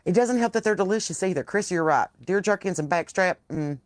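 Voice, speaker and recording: A Southern US woman who hosts a podcast sits out on her porch for a casual live chat, swearing plenty as she tells animated, salty stories. She speaks fast in a voice on the low side, and the recording is dry.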